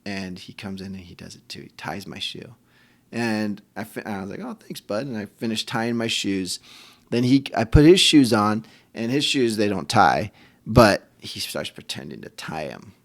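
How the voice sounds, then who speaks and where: A man's voice: on the low side, animated, moderate pace. A man hosting a faith podcast for fathers, telling a personal story in a candid, self-deprecating, conversational way. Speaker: podcast host.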